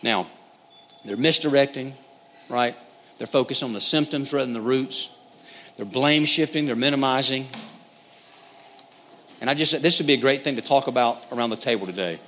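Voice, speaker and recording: A man with a medium-pitched, slightly bright voice works through a Bible passage in sermon-style teaching, speaking fairly quickly but with long pauses. He is earnest and conversational and keeps addressing listeners as "guys"; the recording has hall echo and faint noise.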